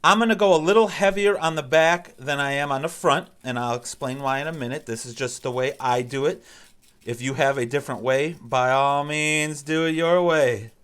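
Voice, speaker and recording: A man's voice: a little high, normal speed, a bit bright, clean tone. A man hosting a casual cooking demonstration, talking in an easygoing, instructive and encouraging way. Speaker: cooking show host.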